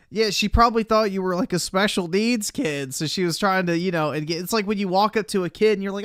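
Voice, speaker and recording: Smooth-voiced man mocking on stream. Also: high-pitched, quick pace, few pauses, a bit bright, no echo, studio quality. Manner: crude, mocking, blunt. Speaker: streamer reacting to a video with chat. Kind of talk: casual livestream commentary.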